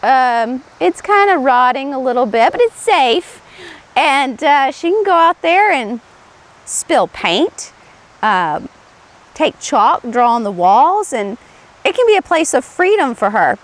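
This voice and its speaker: Middle-aged woman host, somewhat high voice, earnest and chatty delivery to camera. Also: very animated, takes it slowly. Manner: conversational and earnest, with light laughs and restarts. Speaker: TV show host; former play therapist. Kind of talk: casual instructional talk to camera.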